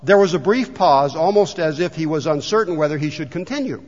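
A man, a pastor, delivering a sermon and telling a story, slowing down when he reads passages aloud. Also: on the high side, expressive, darkish tone. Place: church sanctuary. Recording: long hall reverb, dull lo-fi sound.

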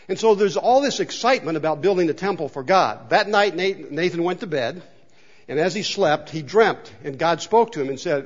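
A man's voice: high voice, a little fast, muffled recording. A man preaching a sermon in a chapel, talking conversationally and asking the congregation questions. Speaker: pastor. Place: church chapel.

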